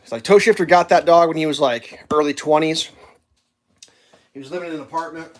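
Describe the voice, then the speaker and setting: A man casually telling rambling dog stories while cooking breakfast on a stream, animated and laughing at his own tales. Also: on the high side, brisk.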